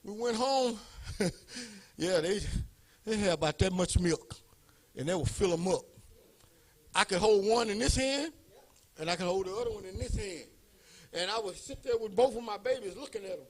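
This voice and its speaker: A male pastor telling a personal story in a sermon, animated and building up to shouts. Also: high-pitched, moderate pace, pauses often.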